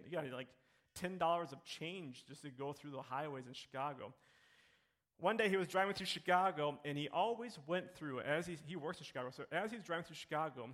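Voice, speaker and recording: A man's voice: fairly high pitch, fairly bright tone. A man in his thirties preaching a sermon as pastor, telling a story and moving into emphatic appeals to the congregation.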